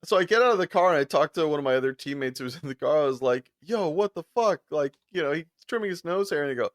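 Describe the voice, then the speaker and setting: Talking fast, this podcast co-host chats casually and tells lively stories. The studio sound is clean with no room noise, and he frequently laughs and mimics the people he quotes by raising his voice.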